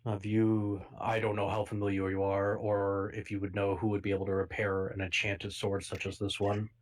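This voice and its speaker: A man's voice: lowish voice, monotone, moderate pace, a little hiss or hum. A man playing a character in a tabletop game, speaking politely and hesitantly with fillers. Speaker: player.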